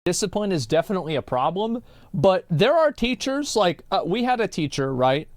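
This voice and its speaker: Male streamer from Texas, rambling and profane storyteller, highish voice with very lively pitch, dry sound. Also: normal speed, no room sound. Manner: rambling, profane, full of filler words. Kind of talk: casual storytelling on a live stream.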